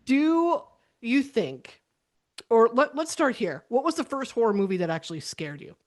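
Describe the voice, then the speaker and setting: A woman hosting a casual interview, chatty and quick to laugh. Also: fairly high pitch. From United States. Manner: chatty, animated, laughs easily. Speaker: podcast host.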